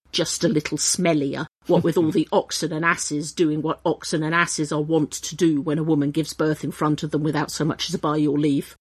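A woman reading a comic story aloud, with lively, animated delivery and playful voices for the characters. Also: sits low, slightly rough.

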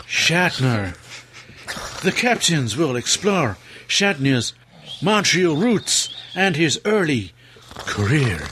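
Slow-reading man, animated pitch. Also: slight background noise. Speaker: podcast co-host. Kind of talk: casual chat, reading news aloud.

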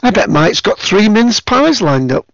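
A man's voice: high-pitched, big pitch swings, measured pace, muffled recording, a little hiss or hum. A man giving a joking holiday greeting as a podcast guest, with dry teasing.

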